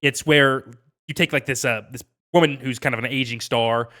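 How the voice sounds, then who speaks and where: A man co-hosting a casual podcast, explaining things in a brisk, plain way with small fillers. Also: mid-range voice, steady tone, sharp tone. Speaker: podcast co-host. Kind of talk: casual chat.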